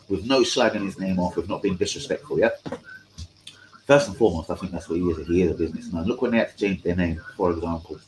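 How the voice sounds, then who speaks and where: Bloke on a live stream, low-ish voice, casual rambling football chat, swears a lot, bit of background hiss. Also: male voice, rough recording. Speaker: fan channel host.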